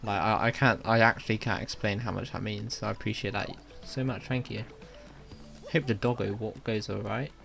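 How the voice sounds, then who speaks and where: A man's voice: fairly low pitch, steady tone, moderate pace, vocal fry, a bit bright, soft background music. A young man chatting casually with viewers on a live game stream, friendly and talkative.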